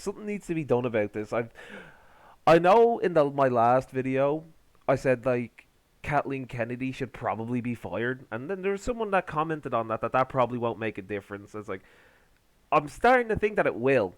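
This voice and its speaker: A man's voice: mid-range voice, animated, moderate pace, no room sound. A man ranting in a reaction commentary, indignant and sarcastic, swearing as he complains.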